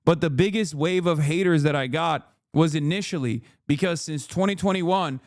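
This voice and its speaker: A man streams a heated, casual commentary rant, swearing freely and driving home each point with an emphatic "okay?". His voice sits a bit high for a man and moves at a moderate pace, in a dry, close recording with no room sound around it.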